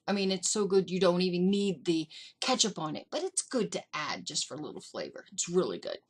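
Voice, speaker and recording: A middle-aged woman vlogger telling family stories in a casual, animated way, acting out what her relatives said. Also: fairly low pitch, a little fast, slightly rough. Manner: animated, acts out family members in quotes. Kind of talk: casual storytelling. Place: indoors.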